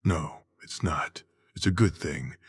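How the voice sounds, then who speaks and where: Guy doing a calm young magic teacher, low husky voice, patient. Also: slow, dry recording, heavily acted. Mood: coaxing.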